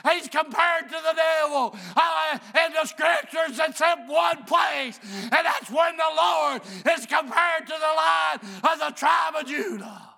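A man preaching a sermon in church with an impassioned, shouting cadence. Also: very high voice, a little slow, creaky, hardly any pauses. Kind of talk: fiery preaching.

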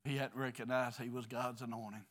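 A middle-aged man preaching an earnest, confessional sermon in a church, swinging between quiet stretches and loud ones. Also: mid-range voice, level tone, fast. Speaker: pastor.

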